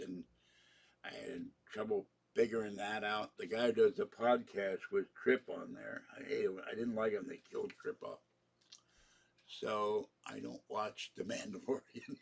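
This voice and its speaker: A man's voice: on the low side, gravelly. An older man hosting a live stream, rambling through strong opinions in a grumbling, casual way. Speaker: channel host.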